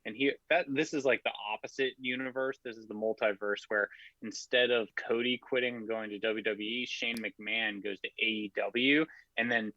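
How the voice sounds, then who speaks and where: A man's voice: mid-range voice, fairly even intonation, normal speed, pushed and bright, no echo, dull audio. A man chatting casually on a podcast, telling a long story full of "like" and swearing. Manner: rambling storyteller, heavy filler "like", swearing. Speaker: podcast co-host. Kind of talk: casual chat.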